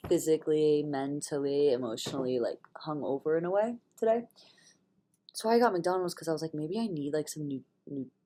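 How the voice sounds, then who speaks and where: Hungover and congested, a young vlogger with a low, warm voice delivers a casual monologue on spirituality. Her talk is loose and candid, peppered with unthinking swearing and sudden whispered asides.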